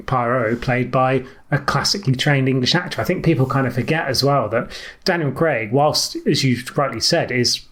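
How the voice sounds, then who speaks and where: Chatty film-podcast man, mid-pitched. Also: moderate pace, a bit bright. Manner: informative, chatty, with many filler words. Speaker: podcast co-host. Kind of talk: casual film discussion.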